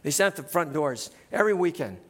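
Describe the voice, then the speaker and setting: A middle-aged male pastor preaching in a church, in a relaxed conversational way, often tagging "right?" onto his points. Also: a little high, fast, husky, in a large hall. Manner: conversational, keeps adding "right?". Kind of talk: sermon. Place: church sanctuary.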